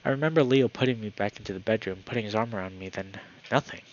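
A man reading a visual novel aloud in first person, with a steady storytelling delivery that slows for tense moments. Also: on the low side. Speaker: channel host. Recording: dull lo-fi with faint hiss.

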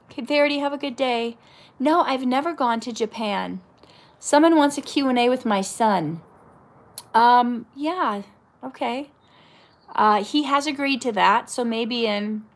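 Woman, middle-aged, slightly high voice, actress, casual live Q&A, reads questions then answers. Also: gravelly.

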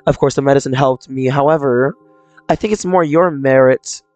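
Voicing a troubled young character with mental illness from a visual novel, a man reads in a quiet, confessional manner with light acting. His voice is medium-pitched and a little mellow, at normal speed. It's a dry close-mic recording with faint game music behind it.

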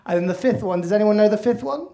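A man's voice: sits high, lively intonation, fast talker, dark tone. Sweary male stand-up in an echoey room. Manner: conversational, sweary, self-deprecating. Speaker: stand-up comedian. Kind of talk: stand-up comedy set. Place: comedy club stage.

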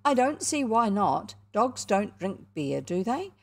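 A woman's voice: mid-range voice, slow, darkish tone. A woman with a New Zealand accent voicing a sulky, aggrieved schoolboy in a storybook reading. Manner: whiny and aggrieved. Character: sulky scheming schoolboy William.

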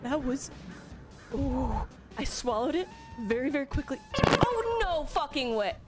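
A woman streaming, excitable and swearing freely in casual chat. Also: sits high, a little slow, over loud music.

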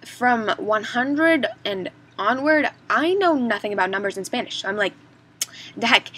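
Teenage girl, casual vlog, higher voice, rambling asides, faint room hum behind. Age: teens. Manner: chatty, self-mocking, full of fillers and asides. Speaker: vlogger.

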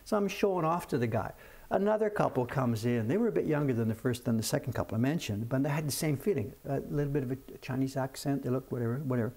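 A man's voice: medium pitch, quick pace, darkish tone. An older man from Canada chatting casually on a live stream from his print shop bench, telling rambling stories full of restarts and asides. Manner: chatty storyteller, many restarts and "whatever".

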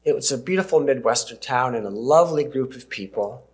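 A Canadian preacher in his sixties tells stories from the pulpit. His voice sits at a mid pitch. He pauses for emphasis and chuckles gently as he speaks. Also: animated. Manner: warm storytelling with gentle laughs and emphatic pauses. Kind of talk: sermon with personal stories.

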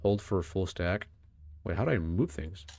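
A man commenting on a video game as he plays, chatty and excitable, laughing often and reading in-game text aloud. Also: sits low, normal speed, gravelly. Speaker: let's play host. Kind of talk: gaming commentary.

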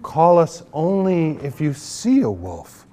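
A man voicing an alarmed adult villager in a children's storybook reading, crying out loudly in a raised, much higher voice. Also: very animated, slow pace. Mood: alarmed, scolding. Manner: shouting, alarmed. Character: loud anxious adult villager with a stick.

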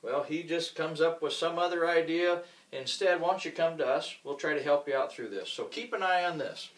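A man's voice: a little high, brisk. A man teaching golf in a casual, joking way, acting out common mistakes while he demonstrates swings. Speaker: golf instructor. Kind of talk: instructional talk with demonstration. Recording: roomy sound from a distant mic.

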